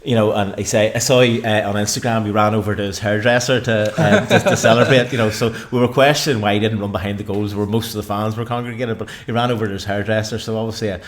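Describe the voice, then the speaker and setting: Hesitant podcast host. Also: male voice, on the low side, fairly even intonation, fast talker, few pauses. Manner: rambling, hesitant restarts. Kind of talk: casual football chat.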